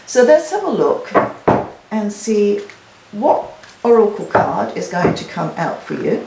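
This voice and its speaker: A woman's voice: medium pitch, sing-song, measured pace, creaky, roomy sound, heavy background noise. A woman giving a weekly tarot card reading in a chatty, encouraging way, talking to her cards as she draws them. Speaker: tarot reader.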